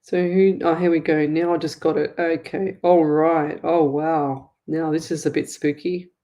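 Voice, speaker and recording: A woman psychic medium from Australia hosts a live stream, reading viewer comments off her screen with excited exclamations and quick laughs. Her voice sits a little low for a woman.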